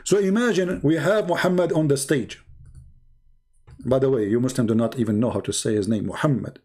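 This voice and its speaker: A man giving a mocking, challenging polemic monologue as a live-stream debater, swinging between slow low asides and exasperated outbursts. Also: darkish tone.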